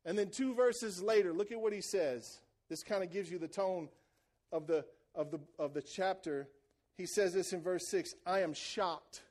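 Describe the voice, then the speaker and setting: High-voiced preacher man. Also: normal speed. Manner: animated preaching with call-and-response to the congregation. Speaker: pastor. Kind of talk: sermon. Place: church.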